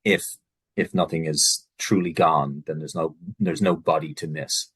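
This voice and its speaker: A man from Ireland with an Irish accent, speaking softly and thoughtfully in a reflective conversation as host. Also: a bass voice, fairly even intonation, a little slow, husky, dry recording.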